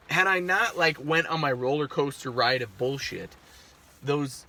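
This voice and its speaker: Candid, gravelly father of a young child. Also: fairly high pitch, sharp tone. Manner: candid, profane, rambling with restarts. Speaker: podcast host. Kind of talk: casual monologue.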